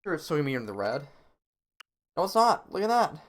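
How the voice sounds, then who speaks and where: A young man with a fairly high, very animated voice offers live gameplay commentary and tips while streaming, speaking fairly quickly. He's casual and chatty, laughing often and leaning on fillers.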